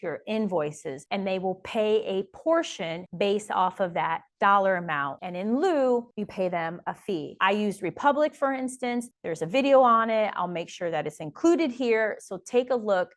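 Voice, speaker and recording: A woman coaching small-business owners straight to camera, stressing points by repeating words and cheering viewers on. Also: medium pitch. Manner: addresses viewers as "y'all". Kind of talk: direct-to-camera advice video.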